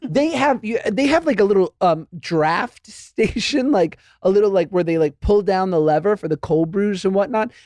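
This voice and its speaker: A man's voice: high-pitched, expressive, normal speed, few pauses, darkish tone, no room sound, clean studio sound. A man hosting a podcast in casual chat, playful and rambling with lots of fillers. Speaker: podcast host.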